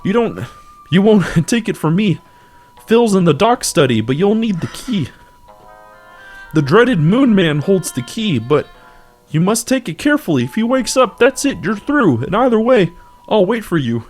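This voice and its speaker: A man's voice: high-pitched, sing-song, normal speed, soft background music. A man voicing a worried young woman who urges escape, in a nasal puppet-frog voice with auto-tune and a rhyming, sing-song delivery. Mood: urgent.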